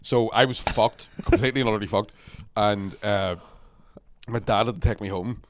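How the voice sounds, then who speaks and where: A man's voice: on the low side, steady tone, moderate pace. Laughing man telling crude stories. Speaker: podcast co-host. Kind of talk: casual chat.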